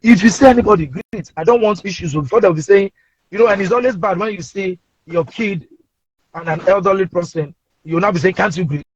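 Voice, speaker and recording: A man with a Nigerian accent, a comedian telling playful anecdotes in an animated way, speaking from inside a car. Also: sits high, a little fast, breathy edge. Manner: animated, playful, acts out voices. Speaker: comedian guest. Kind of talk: casual anecdotal storytelling. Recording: dull lo-fi remote audio.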